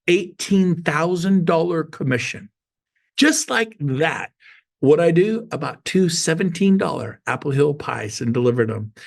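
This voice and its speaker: A male sales speaker with a gravelly, creaky edge to a slightly high voice. He tells his stories in a punchy, playful, folksy way and acts out every bit of dialogue. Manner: animated storyteller acting out dialogue. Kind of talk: storytelling talk to an audience.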